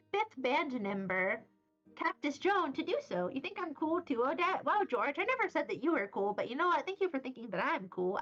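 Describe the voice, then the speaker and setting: A young woman from Wyoming chats on stream in a high, lively voice, jumping between silly tangents. The sound is a little dull and muffled. Faint music plays underneath. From Wyoming, USA. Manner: rambling, silly and playful. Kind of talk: casual chat, reading chat messages. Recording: slightly dull audio with faint background music.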